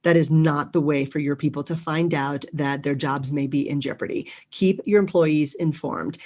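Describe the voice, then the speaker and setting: A middle-aged woman giving a motivational talk on leadership, lively and acting out quoted people. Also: deep voice, normal speed. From United States. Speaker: leadership speaker.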